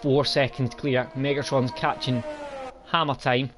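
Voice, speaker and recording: A man's voice: mid-range voice, level tone, a little slow. A man commentating a sim racing league live, often breaking into laughter and disbelieving exclamations. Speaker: race commentator. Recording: music bed and engine noise.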